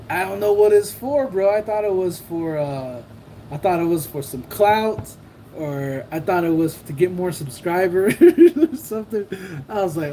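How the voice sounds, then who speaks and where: A man's voice: high voice, animated, a little slow, warm tone, a little hiss or hum, low-quality recording. A man hosting a casual livestream who rambles, jokes and laughs often while reading comments. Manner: rambling, joking, laughs often, mimics people. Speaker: livestream host.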